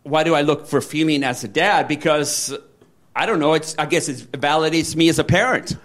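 Man, fairly high voice, rambling candid speaker who acts out quotes. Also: normal speed, a bit bright. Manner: rambling, many fillers and restarts. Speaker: interviewee. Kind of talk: candid conversation.

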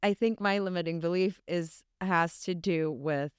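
A woman's voice: fairly low pitch, a little slow, smooth, dry recording, studio quality. A woman hosting a podcast in casual conversation, talking openly and reflectively about herself. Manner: candid, self-reflective. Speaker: podcast host.

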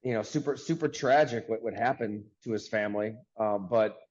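A man hosting a casual sports podcast over a video call from a sports bar, talking in an upbeat, chatty way with quick asides. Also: fairly low pitch, a little mellow, highs cut off. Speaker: podcast host.

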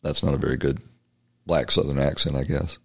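A man's voice: rumbling low, fairly even intonation, brisk, creaky, husky. A man hosting a podcast, giving a conversational political commentary monologue, emphatic and full of restarts. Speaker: podcast host.

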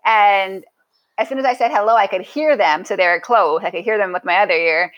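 A woman's voice: mid-range voice, fairly quick, muffled recording. A woman sits in as a podcast guest and tells a story in an easy, chatty way. She restarts her sentences often and acts out what people said, her voice bouncing with animation. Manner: animated, lots of restarts and acted-out quotes. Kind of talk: casual storytelling.

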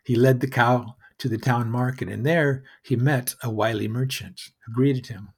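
Guy telling a fairy tale, husky voice, measured and a bit wry. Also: medium pitch, steady tone. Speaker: storyteller. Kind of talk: storybook narration.

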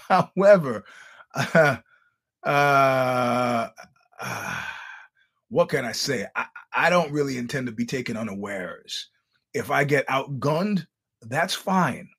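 Husky-voiced man telling blunt stories. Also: medium pitch, fairly bright tone. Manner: wry, blunt, acts out quoted dialogue, frequent stammered restarts. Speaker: podcast host. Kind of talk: casual monologue with storytelling.

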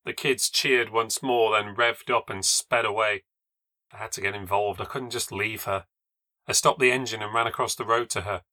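Wry, measured male narrator for a ghost story podcast, slightly low and crisp-edged. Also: fairly even intonation, sharp tone, no room sound. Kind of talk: scripted first-person ghost story narration.

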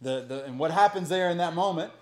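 A middle-aged man preaching a sermon in a conversational, animated way with folksy asides. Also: on the high side, fast, a little hiss or hum. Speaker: pastor.

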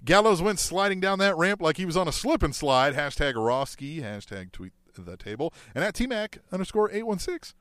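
A man's voice: fairly high pitch, sing-song, normal speed, hardly any pauses, a bit bright, clear, resonant tone, no echo, studio quality. A man co-hosting a wrestling podcast, reading listener tweets aloud and chatting with wry remarks.

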